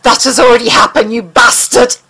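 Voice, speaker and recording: A woman's voice: a little high, fairly even intonation, moderate pace, close to an everyday voice, low-quality recording. A woman voicing a tormented, cursing captive man. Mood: furious. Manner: swearing, shouting, sobbing. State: wheezing, in pain.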